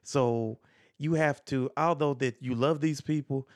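Calm man giving advice, dry close sound. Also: mid-range voice, a little slow, no room sound. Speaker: podcast guest. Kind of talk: casual conversation.

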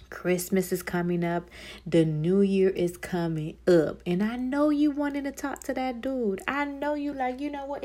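A woman hosting a faith-based podcast, chatting and preaching encouragement to her listeners in a warm, familiar, churchy manner. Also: mid-range voice. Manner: preachy, chatty, calls listeners "y'all" and "child". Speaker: podcast host.

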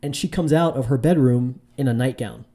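A man with a warm tone talks fairly quickly, casually recounting a dating story to camera as a dating-advice vlogger. He rambles, restarts often, leans on fillers, and does high-voiced impressions of women.

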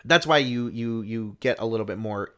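A man's voice: lowish voice, moderate pace, fairly bright tone. A man co-hosting a podcast, talking in a casual chat style, rambling with lots of fillers and restarts. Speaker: podcast co-host.

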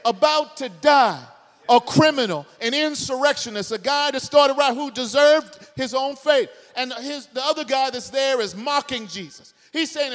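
High-voiced impassioned preacher man. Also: big-room sound. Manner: impassioned, builds to shouting, rapid rhetorical questions. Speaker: pastor. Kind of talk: sermon. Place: church sanctuary, live congregation.

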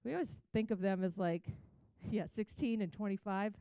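A woman's voice: medium pitch, moderate pace, mellow, dry recording. A woman giving a chatty, conversational Bible teaching, retelling scripture in her own words.

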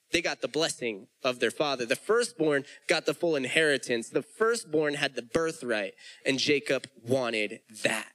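A man's voice: a little high, bright, forceful tone, rough recording. A man preaching a sermon, retelling the story in casual everyday speech with frequent restarts.

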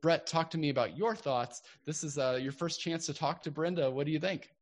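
A man's voice: on the high side, brisk. A man hosting a podcast, wrapping up an interview in an effusive, enthusiastic way. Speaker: podcast host.

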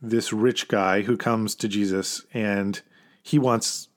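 A male pastor preaches in a plain, conversational way, talking to his listeners rather than orating. His voice sits a little low. He stays earnest throughout and presses harder when he reaches a point he wants to land. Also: fairly even intonation, takes it slowly. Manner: earnest, informal, emphatic at key points. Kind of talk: conversational sermon.

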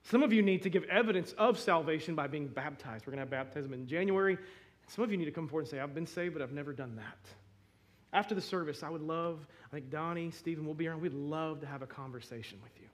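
A man's voice: on the high side, fast talker. A man in his thirties or forties, a pastor preaching a sermon, telling emotional stories with many restarts.

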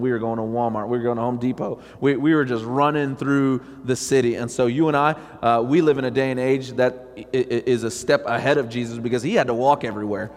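A man preaching a sermon as pastor, talking conversationally and acting out quotes, with sudden loud rises. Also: medium pitch. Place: church sanctuary. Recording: long reverb of a church hall.

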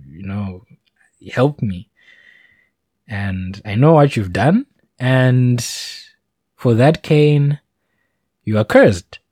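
A man lending his voice to a relaxed, slangy, all-knowing God who is casual and chummy, with a lively up-and-down delivery, unhurried, and recorded close and dry with no room sound. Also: fairly low pitch, no room sound.

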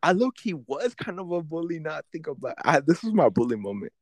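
A man's voice: fairly high pitch, very animated, a little fast, a crowd in the background. A young man telling a schoolyard fight story in casual, profane slang, acting out his own past lines.

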